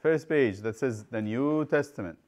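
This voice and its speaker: A man's voice: mid-range voice, normal speed, darkish tone. A man teaching a children's Bible study, quizzing the class and retelling stories with acted-out voices.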